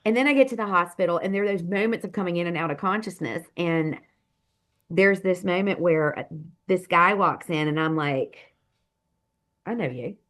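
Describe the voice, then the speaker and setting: A woman guest telling a personal story in an expressive, animated way, swinging between hushed and loud. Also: lowish voice, moderate pace. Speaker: guest, author and speaker. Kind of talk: animated storytelling in a podcast interview.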